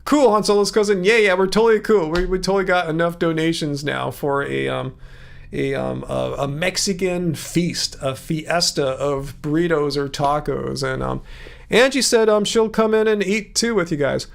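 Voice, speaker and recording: A man's voice: normal speed, gravelly. A man from Southern California with a laid-back SoCal accent, hosting a casual livestream and answering chat with a loose, filler-heavy delivery and lots of emphasis. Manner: lively pitch swings, emphasizes words by jumping up. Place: room with musical instruments.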